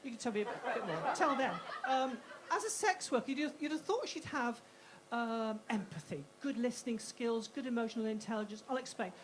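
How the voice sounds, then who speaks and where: A woman's voice: a little high, animated, brisk, hardly any pauses, noisy background. A woman doing a stand-up comedy set on a club stage, brash and punchy with self-mocking asides.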